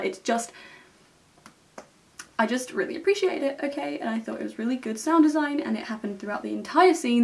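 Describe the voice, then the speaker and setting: A young woman talks through a film review with eager, chatty enthusiasm, tagging her points with a quick "okay?". Her voice sits in an ordinary middle pitch. She is a little distant from the microphone. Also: fairly bright tone. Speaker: film vlogger. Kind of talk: casual film review monologue.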